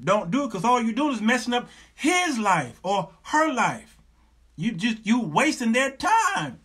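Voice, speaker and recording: Middle-aged male host with a bright, husky voice; animated, sermon-style advice, joking and repeating himself. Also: very high-pitched, measured pace. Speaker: talk show host.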